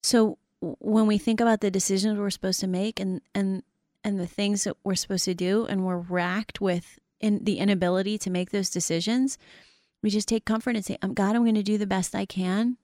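A woman's voice: mid-range voice, steady tone, fairly quick, dark tone, no echo. Woman host for a faith talk show, middle-aged, earnest and encouraging, quotes scripture, dry close mic.

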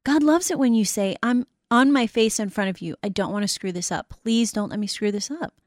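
A woman's voice: mid-range voice, a little fast, dry recording. Woman host for a faith talk show, middle-aged, earnest and encouraging, quotes scripture, dry close mic.

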